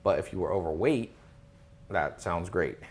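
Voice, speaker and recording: Give me a confident man with a slightly low voice, hosting a loose live question-and-answer chat. He reads out viewers' questions, then answers in an emphatic, lecturing tone. He often makes his points with rhetorical questions. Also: moderate pace.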